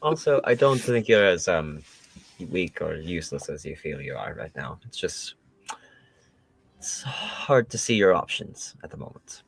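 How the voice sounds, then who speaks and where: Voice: sits low, lively intonation, a little slow, creaky, husky. A player in a tabletop game, chatting casually and self-deprecatingly.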